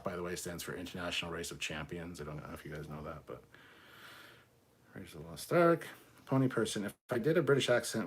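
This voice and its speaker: Casting note: fairly low male host, casual livestream chat, reads comments and answers offhand, faint hiss behind. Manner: reads viewer comments aloud, then answers offhand with swearing.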